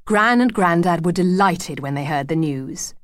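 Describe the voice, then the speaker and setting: A woman narrating a children's storybook, her voice sitting a little low for a woman. She tells the story gently and clearly. The recording is close and dry, with no room sound. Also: expressive, moderate pace, no echo. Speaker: audiobook narrator.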